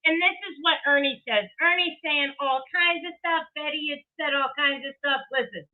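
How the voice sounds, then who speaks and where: A woman's voice: high-pitched, moderate pace. A woman giving a heated, profane commentary rant with emphatic delivery and laughing asides. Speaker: commentary streamer. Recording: tinny phone-like audio.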